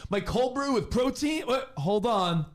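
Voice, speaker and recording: A man's voice: extremely high pitch, lively intonation, a little slow, a little hiss or hum. A man hosting a radio show in casual chat, playfully acting out little voices.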